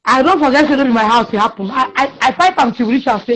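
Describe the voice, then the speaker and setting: A woman's voice: high voice, quick pace, fairly bright tone. A Nigerian woman giving passionate opinion talk, scolding and emphatic, with pidgin phrases mixed in, on a muffled lo-fi recording.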